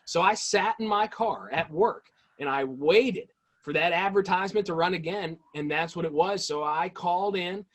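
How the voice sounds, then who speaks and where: A man being interviewed as a guest, telling animated, enthusiastic stories in a casual way. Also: sits high, normal speed. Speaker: guest, toy-hunting video creator.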